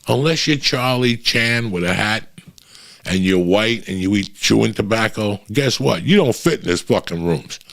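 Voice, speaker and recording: A middle-aged man, a comedian, telling profane, animated road stories in a casual chat. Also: on the low side, a little slow, creaky. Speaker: comedian guest. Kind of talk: storytelling chat.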